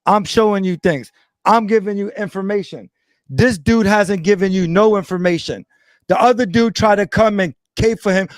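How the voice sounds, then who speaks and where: A man's voice: high voice, normal speed, no room sound. A man from Brooklyn, arguing combatively as a guest in an online debate. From Brooklyn, New York. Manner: combative, repetitive, confrontational.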